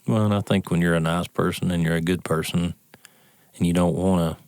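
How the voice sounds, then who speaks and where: A man co-hosting a podcast, speaking in a reflective, halting way. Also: sits low, steady tone, a little mellow, clear, resonant tone, dry recording, clean studio sound. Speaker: podcast co-host. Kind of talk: casual conversation.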